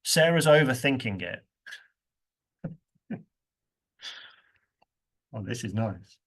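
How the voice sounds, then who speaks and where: A man's voice: medium pitch, lively intonation, slow, a bit bright, slightly rough. A man leading a university workshop, playful, often laughing and acting out example phrases. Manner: playful, laughs often, acts out stressed words. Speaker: workshop presenter. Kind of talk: interactive workshop teaching.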